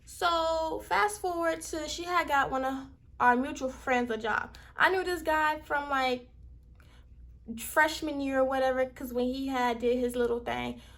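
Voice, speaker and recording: Young southern woman from miami, high voice, fired up telling a storytime. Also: unhurried. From Miami, Florida. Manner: animated, heated retelling. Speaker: vlogger. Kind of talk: casual storytime.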